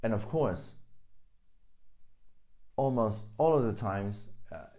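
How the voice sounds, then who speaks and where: A man's voice: fairly low pitch, lively intonation, slow, dark tone. A young man teaching a spoken language lesson in a casual, patient way, carefully repeating words and their tones.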